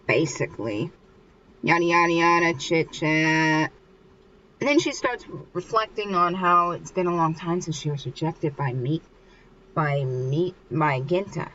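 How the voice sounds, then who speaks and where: A woman's voice: low-pitched, measured pace, fairly bright tone, dull audio, slight background noise. A young woman casually recapping a manga chapter, rambling and restarting as she goes. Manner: rambling, acts out characters. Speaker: manga reader.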